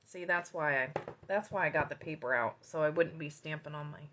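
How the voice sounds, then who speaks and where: Woman, bright clear tone, chatty crafting tutorial, self-deprecating asides, home desk. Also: low-pitched, brisk, slight background noise. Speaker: card-making demonstrator.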